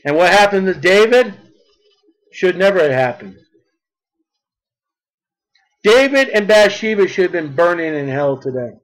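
High-voiced fervent male preacher. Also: animated, unhurried, pauses often, rough recording. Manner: fervent, rising to near-shouts on key points. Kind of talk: sermon.

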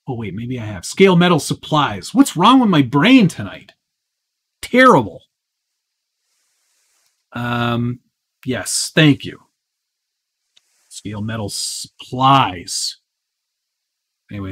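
A man hosting a live Q&A stream in a relaxed, chatty way. He answers viewer questions as they come in, with a lot of ums and uhs and easy asides. His voice sits in an ordinary middle pitch. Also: breathy edge. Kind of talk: casual live-stream chat.

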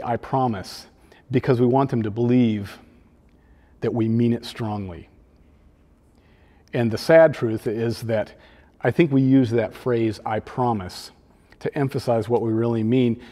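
A man, a children's pastor, preaching a sermon in a conversational, gently humorous way. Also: medium pitch, big-room sound.

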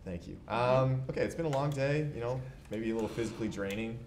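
Rapid-fire bachelor, mid-pitch, rambling jokey pitch. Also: male voice, a little mellow, reverberant, slight background noise. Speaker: dating game contestant. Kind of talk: casual pitch to a date on a live stream.

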